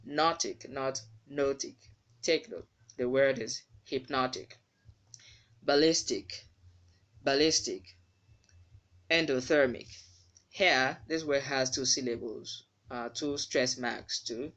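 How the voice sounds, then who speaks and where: A man's voice: mid-range voice, fairly bright tone. A man giving a spoken English pronunciation lesson, carefully repeating words to model the sounds. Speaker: pronunciation teacher.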